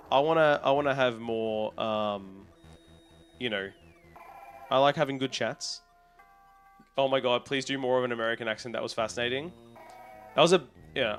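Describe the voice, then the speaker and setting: A man's voice: mid-range voice, animated, a little fast, a bit bright. Australian male streamer, easygoing and rambling, chats to viewers over faint game music. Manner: rambling, reads out and answers viewer messages. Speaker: livestreamer. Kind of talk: casual chat with live chat readers.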